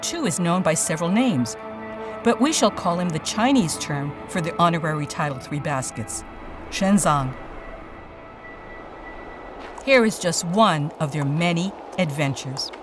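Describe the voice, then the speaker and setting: A storyteller giving a dramatic, expressive storybook narration. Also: medium pitch. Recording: distant voice over loud music.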